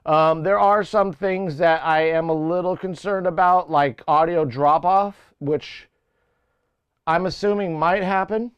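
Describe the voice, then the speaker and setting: A man's voice: on the high side, steady tone, a little slow, smooth, no room sound, dull audio. A man hosting a casual livestream and talking through audio settings in his home music studio. He rambles and corrects himself as he thinks aloud on a lapel mic. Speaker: livestream host. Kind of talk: casual technical chat. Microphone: lavalier mic.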